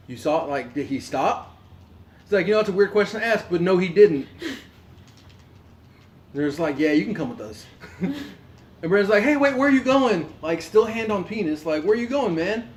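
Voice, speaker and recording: A man co-hosting a podcast, telling a story in an animated, profane way, laughing and acting out what people said. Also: fairly high pitch, roomy sound. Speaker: podcast co-host. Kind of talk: casual storytelling among friends.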